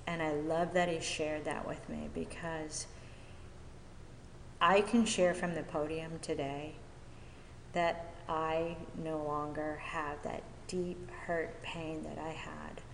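A woman giving a personal testimony from a podium at a recovery meeting, talking haltingly with many fillers and restarts. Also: deep voice, fairly even intonation, creaky, a little hiss or hum. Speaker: speaker sharing at a recovery meeting. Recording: echoey hall with long reverb.

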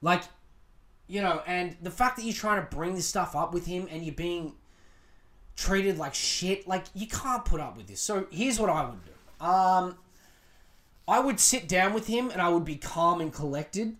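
A man's voice: sits high, expressive, unhurried, fairly bright tone. A man hosting a podcast, giving relationship advice in a blunt, profane, emphatic rant. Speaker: podcast host.

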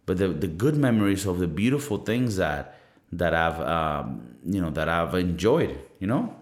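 A man's voice: low voice, big pitch swings, normal speed. A man in his thirties talking in a casual solo podcast monologue, rambling and profane, often poking fun at himself. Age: 30s. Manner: rambling, profane, self-mocking. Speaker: podcast host. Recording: roomy echo.

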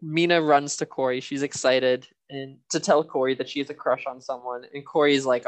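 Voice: mid-range voice, steady tone, moderate pace, few pauses. A podcast co-host recapping a TV episode in casual chat, laughing often. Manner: laughs often, loose and chatty.

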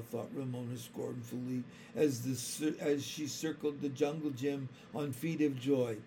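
A man reads a children's chapter book aloud, taking his time over every sentence. His voice sits a little high for a man. A faint hiss runs behind the reading. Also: mellow. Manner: slow, careful storytelling. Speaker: storybook reader.

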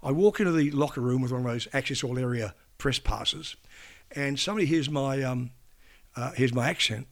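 An older man spins anecdotes from his years as a broadcaster, his voice carrying a gravelly rasp at mid pitch. He wanders through his stories and restarts sentences often, sometimes slipping into voices of the people he quotes. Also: fairly quick. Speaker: veteran broadcaster and interview guest. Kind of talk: casual anecdotal storytelling.

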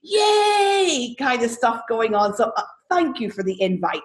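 A woman's voice: on the high side, normal speed, echoey room. A woman with an Irish accent, a guest speaking in bubbly casual chat, laughing between phrases. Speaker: guest prophet.

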